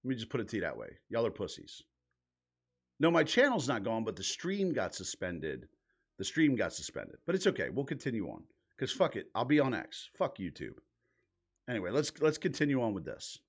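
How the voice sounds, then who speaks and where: A man's voice: mid-range voice, wildly swooping pitch, brisk, slightly rough. A man hosting a live reaction stream, talking casually in a blunt, profane and incredulous way.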